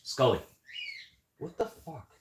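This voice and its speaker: A man's voice: slow pace, a little hiss or hum. A man from the Canadian prairies chatting casually in a rambling, joking way, swearing constantly. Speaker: vlogger.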